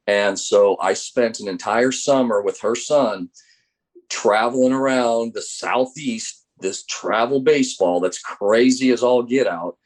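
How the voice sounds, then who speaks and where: Middle-aged American man, low-pitched coach, animated anecdotes with acted-out quotes. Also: unhurried. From United States. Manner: animated storyteller acting out quoted dialogue. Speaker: college baseball assistant coach. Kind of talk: interview storytelling.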